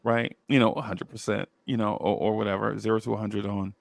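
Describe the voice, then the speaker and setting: Gravelly laid-back man chatting sports. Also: fairly low pitch, little pitch movement, fairly quick, no room sound. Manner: laid-back, talks in loose restarts. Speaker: podcast co-host. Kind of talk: casual sports chat.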